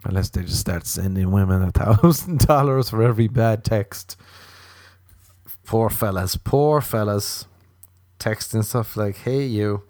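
A young man with an Irish accent telling rambling comic stories, often jumping into squealing high voices. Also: measured pace, a little mellow, no echo. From Ireland. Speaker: comedian. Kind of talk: comic storytelling monologue.

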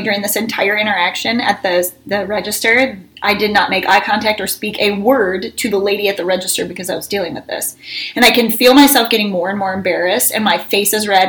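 A woman co-hosting a casual chat, telling animated stories and acting out her own yelling. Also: mid-range voice, rough recording. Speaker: co-host.

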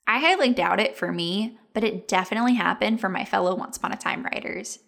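A woman hosting and narrating a fan video with brisk enthusiasm. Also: medium pitch, gravelly, fairly bright tone. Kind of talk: casual narration.

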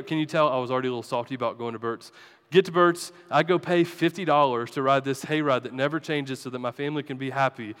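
A male pastor with a fairly high, fairly bright voice preaches a sermon built around a personal story in a church sanctuary. He is chatty and self-deprecating with his congregation. A long reverb tail follows his words.

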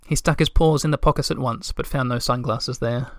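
A man reading a children's storybook aloud in a gentle, measured way. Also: medium pitch, steady tone, dry recording, clean studio sound. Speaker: narrator.

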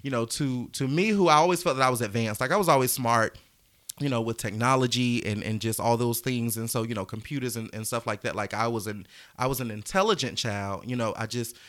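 A man in his thirties from the American South telling stories from his past as an interview guest, animated, acting out voices and laughing often. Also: mid-range voice, brisk. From Georgia, US. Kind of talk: storytelling in casual conversation.

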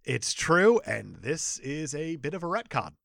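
A man co-hosting a podcast, recapping a TV episode in casual chat, animated and jokey, acting out quotes. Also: fairly high pitch, measured pace, creaky, no room sound, studio quality. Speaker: podcast co-host.

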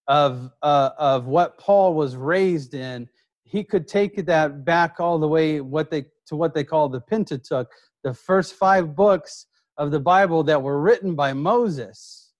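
A man preaching a sermon, emphatic and repetitive, dropping his voice low for quoted words. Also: darkish tone. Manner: emphatic, repeats key words, drops low for quoted lines. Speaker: pastor.

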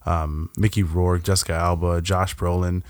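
Male podcast co-host, lowish voice, joking and crude, dry close sound. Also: little pitch movement, moderate pace, no echo. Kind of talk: casual chat.

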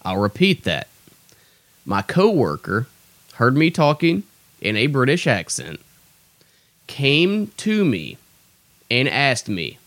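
His pitch swoops wildly as he talks slowly and pauses often, his medium voice a bit bright on a dry recording. A young comedian hosting a podcast, he rants in a profane, exasperated, self-deprecating way.

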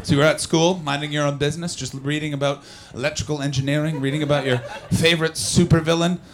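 Speaking fast with a fairly high pitch and a steady tone, a comedian not from the UK works the crowd at a comedy club. His style is brash and profane as he teases people in the audience.

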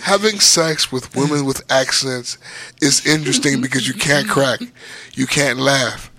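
A man co-hosting a podcast, trading raunchy casual banter and loudly mimicking voices for laughs. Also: medium pitch, fairly even intonation, a little slow, a crowd in the background. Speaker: podcast co-host.

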